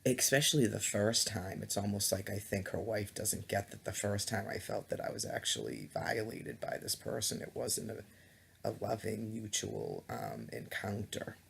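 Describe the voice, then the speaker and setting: This vlogger's voice sits on the low side, gravelly yet a bit bright, with lively intonation at normal speed. Recorded on a laptop webcam mic with slight background noise, he rambles indignantly, stuttering, restarting and saying um a lot in obvious disgust.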